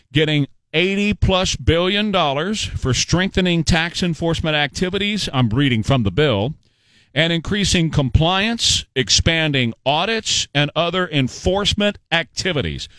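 A man's voice: on the high side, fairly bright tone, no room sound. A man hosting a talk radio show, delivering an emphatic, sarcastic political monologue with rhetorical questions.

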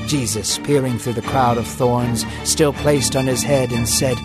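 A man's voice: medium pitch, steady tone, moderate pace, few pauses. A man narrating a dramatized scripture story in a solemn, intense manner, building emphasis. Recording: music bed behind voice.

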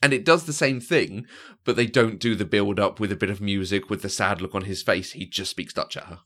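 Fairly low-pitched and fairly bright, a man speaks a little fast as he co-hosts a podcast. His relaxed film review is hesitant and filler-heavy, broken up by frequent laughter.

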